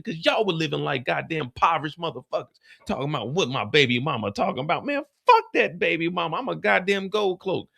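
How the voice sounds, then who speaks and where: A man's voice: high voice, gravelly, bright, forceful tone. A man hosting a live show recap, delivering a profane, heated comedic rant as if he were a character from the series.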